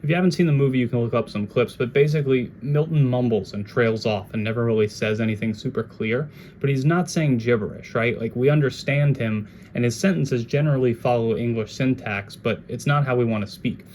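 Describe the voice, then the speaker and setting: A man giving a casual jazz guitar lesson, talking in a relaxed, conversational way and now and then scatting melodies. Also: mid-range voice, fairly quick, a little hiss or hum.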